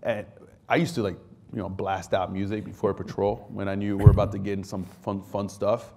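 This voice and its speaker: Guest man in his thirties, lively storyteller who does the voices, faint rumble behind. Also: fairly quick. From France. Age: 30s. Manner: animated anecdotes, acts out quoted voices, laughs often. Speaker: guest author, army veteran. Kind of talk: casual storytelling on stage.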